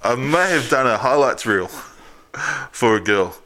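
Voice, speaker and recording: A man's voice: mid-range voice, expressive, a little slow, pushed and bright. Sheepish laughing New man. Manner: sheepish, laughing, self-mocking. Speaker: podcast co-host. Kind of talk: casual banter.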